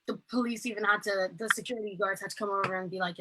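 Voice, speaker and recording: A woman's voice: mid-range voice, steady tone, fast, hardly any pauses, sharp tone, a little hiss or hum, low-quality recording. A woman, giving earnest, impassioned personal testimony over a video call. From Ireland. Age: late teens. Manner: earnest, impassioned, filler-heavy storytelling. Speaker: protest speaker.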